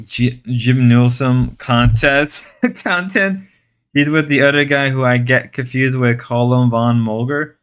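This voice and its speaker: A man with a mid-range, slightly bright voice streams live and reads chat. He's casual and rambling, making sarcastic, mock-macho jokes and repeating and restarting his phrases.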